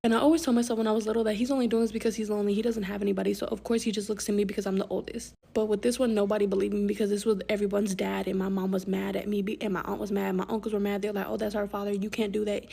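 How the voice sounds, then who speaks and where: A young adult woman telling a painful personal story in a rapid, flat, unpolished way. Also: medium pitch, vocal fry, breathy edge.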